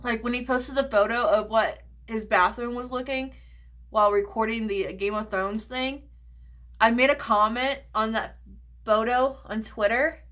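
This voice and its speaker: A woman's voice: a little high, steady tone, measured pace, fairly bright tone. A woman chatting casually in a makeup vlog, gushing over products, swearing freely and dropping into whispers. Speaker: beauty vlogger.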